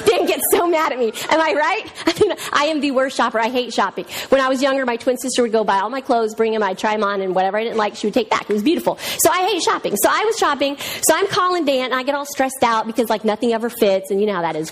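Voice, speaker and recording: A woman's voice: fairly high pitch, a little hiss or hum. A woman in her thirties or forties giving a church talk, chatty and self-mocking, laughing often as she tells a story. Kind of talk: sermon-style storytelling.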